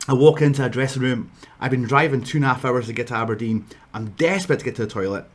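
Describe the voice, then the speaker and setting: Scottish man, casual storytelling rant, rambling asides, mid-pitched voice. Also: quick pace. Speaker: wrestler telling stories.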